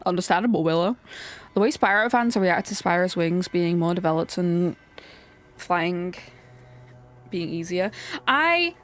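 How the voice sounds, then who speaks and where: A young woman streaming a game, chatting casually and excitably, often ranting and laughing. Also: on the low side, measured pace, pauses often. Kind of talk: casual live-stream chat while playing.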